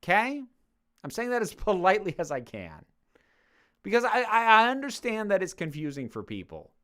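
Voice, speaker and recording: A woman's voice: mid-range voice, sing-song, moderate pace, a bit bright. A woman answering viewer questions in a casual monologue, speaking passionately, getting worked up and swearing freely.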